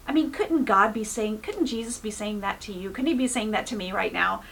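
A woman's voice: mid-range voice, moderate pace, vocal fry, hardly any pauses, a bit bright, husky. A woman pastor giving an informal, earnest sermon, full of "you know" fillers. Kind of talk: conversational sermon.

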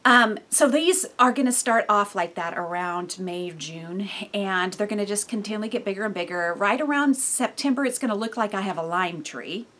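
Husky, animated woman teaching. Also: mid-range voice, moderate pace, few pauses. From California. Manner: animated, laughing often, sudden bursts of loudness. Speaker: Bible teacher. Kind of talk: casual devotional teaching.

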